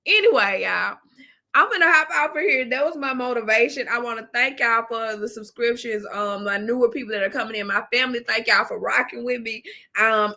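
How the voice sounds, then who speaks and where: A woman with a fairly high voice hosts a casual livestream against a noisy background. She laughs often, stays playful, and speaks straight to her viewers, calling them y'all and baby.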